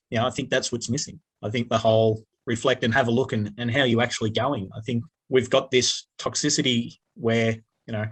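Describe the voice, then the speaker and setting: A husky-voiced man in his forties talks quickly and earnestly as a podcast guest. He thinks out loud and scatters "you know" through his sentences. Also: medium pitch. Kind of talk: casual podcast interview.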